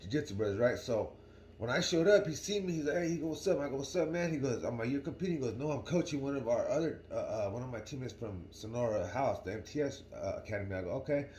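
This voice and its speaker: A man's voice: mid-range voice, animated, quick pace, darkish tone, reverberant, a little hiss or hum. A young man telling a story casually to his viewers in a slangy, rambling way, often asking "right?". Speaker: vlogger.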